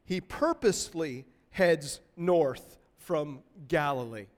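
A man preaching a sermon to a church congregation, expressive and building intensity as he acts out a pleading cry. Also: a little high. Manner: expressive preaching, voices a pleading woman in rising tones. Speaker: pastor. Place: church hall. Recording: long hall reverb.

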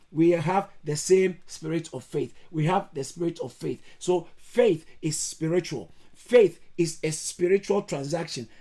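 Man, pastor, sermon, high-pitched voice, emphatic, repeats lines, online service. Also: a little mellow. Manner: emphatic, repeats phrases, sudden high exclamations. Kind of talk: preaching a sermon. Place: online church service over video call.

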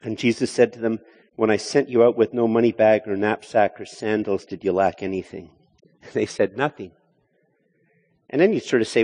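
A male preacher giving a sermon, animated and full of restarts as he voices a skeptic's objections. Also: on the low side, moderate pace. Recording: hall reverb.

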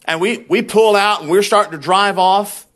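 Man, pastor, sermon, chatty personal story, slightly high voice, animated. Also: moderate pace. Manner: conversational, animated storyteller, repeats words when worked up.

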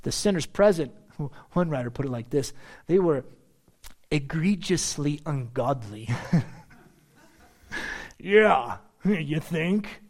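A male pastor preaching a sermon, with animated delivery and joking asides to the congregation. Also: fairly high pitch, slow pace, pauses often.

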